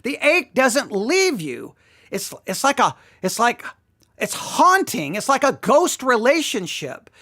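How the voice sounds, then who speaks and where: Lively high-voiced woman podcast host. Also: slow. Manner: animated, slips into acting out the voices. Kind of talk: song lyric commentary.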